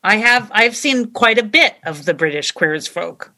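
Bright emphatic woman co-host. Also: mid-range voice, animated, normal speed. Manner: emphatic, exclaims often. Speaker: podcast co-host. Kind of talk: casual review chat.

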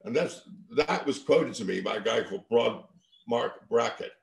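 An older man telling energetic stories in an interview, with frequent restarts and checks of "right?". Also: mid-range voice, moderate pace, vocal fry. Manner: energetic anecdotes with many restarts and tag questions. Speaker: interview guest, venture capitalist. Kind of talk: storytelling in conversation. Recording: echoey room.

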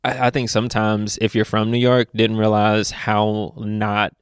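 A young man from Louisville chats as a podcast guest, spinning lively stories and laughing along the way. His voice sits a little low and sounds smooth and clear. The recording is dry and close. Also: dry recording. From Louisville, Kentucky. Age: young adult. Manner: animated storyteller, laughs often, quick asides. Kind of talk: casual conversation.

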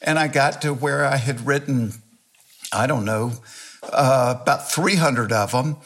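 Older man, southern US accent, folksy storyteller, self-mocking humor, average-pitched voice. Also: a little slow, a bit bright. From Georgia, US. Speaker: guest comedian. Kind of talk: storytelling interview chat.

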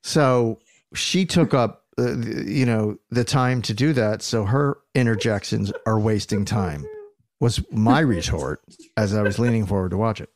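A man from Philadelphia, a guest in a casual chat, talking in a playful, halting, joking way. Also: on the low side, darkish tone, no room sound.

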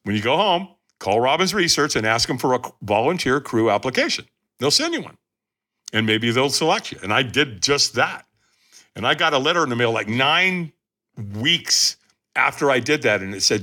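Lively bright-voiced man telling a story. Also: mid-range voice, normal speed. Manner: emphatic, addresses listeners directly. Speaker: podcast guest. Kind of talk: animated storytelling.

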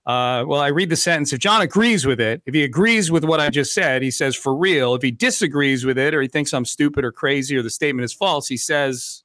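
A man's voice: fairly high pitch, fairly quick, hardly any pauses, a bit bright, no room sound. A man hosting a sports talk show, talking casually with lots of fillers and restarts. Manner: conversational, many fillers and restarts. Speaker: sports radio host.

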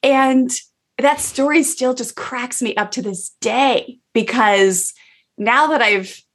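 A woman's voice: fairly high pitch, takes it slowly, fairly bright tone. A woman in her forties, a mother chatting casually and telling a story with plenty of filler words.

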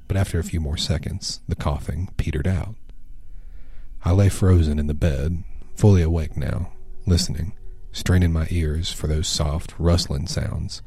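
A man narrating a first-person horror story in a hushed, measured way. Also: sits low, husky, no echo.

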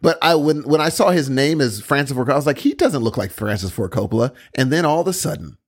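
A man in casual chat about a TV series, excitable, exclaiming often and restarting his sentences. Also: medium pitch, fast talker. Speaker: co-host discussing a TV series.

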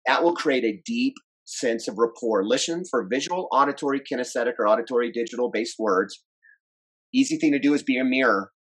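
A man who grew up in France, coaching on relationships in a casual podcast chat, instructive and energetic, often repeating words. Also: mid-range voice, a little fast, breathy edge, low-quality recording.

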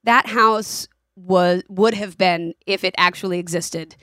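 Animated woman podcast co-host. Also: on the low side, a little slow, no room sound, clean studio sound. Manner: animated storytelling with laughs and quoted voices. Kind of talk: casual chat.

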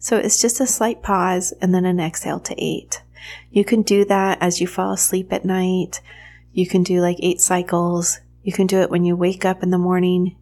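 Middle-aged female yoga teacher, candid storyteller, slightly low-pitched, laughs easily. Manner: candid, chatty, laughs often, soft counting. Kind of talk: personal story and guided breathing.

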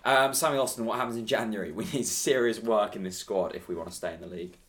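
A man with a lowish voice co-hosting a football podcast in casual chat. He drives the talk with questions and enjoys throwing in provocative hypotheticals. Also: quick pace, fairly bright tone.

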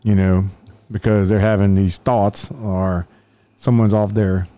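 A man's voice: on the low side, flat delivery, unhurried, mellow, clean tone, no echo. Profane rambling man telling a cop story. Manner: profane, rambling, acts out quotes in a raised voice. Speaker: police officer telling stories. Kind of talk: casual storytelling chat.

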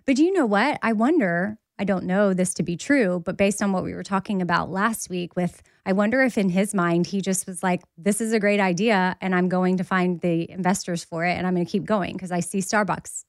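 A woman co-hosting a podcast in casual, animated chat, laughing often. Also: on the low side, a little fast, hardly any pauses, dry recording, studio quality. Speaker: podcast co-host.

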